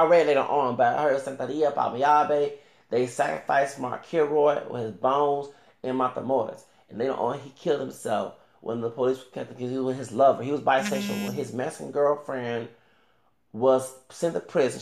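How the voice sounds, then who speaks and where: A man's voice: mid-range voice, gravelly, a little mellow, reverberant. A man ranting casually to camera as a YouTuber, rambling with many restarts and fillers and talking back directly to another creator.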